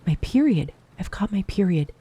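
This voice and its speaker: Brief: woman reading an earnest young girl in an audiobook, dark, mellow, blurting delivery. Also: medium pitch, very animated, normal speed, husky. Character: eleven-year-old girl, earnest and emotional.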